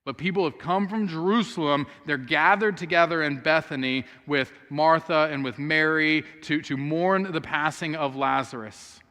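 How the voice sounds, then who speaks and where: Bright-voiced pastor preaching in a reverberant sanctuary. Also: male voice, on the high side, normal speed, few pauses. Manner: earnest storytelling, voices the sisters' words aloud. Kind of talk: sermon. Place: church sanctuary. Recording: long hall reverb.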